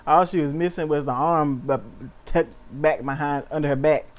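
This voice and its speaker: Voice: mid-range voice, fairly even intonation, normal speed. A co-host chiming in during a casual chat with short, amused reactions.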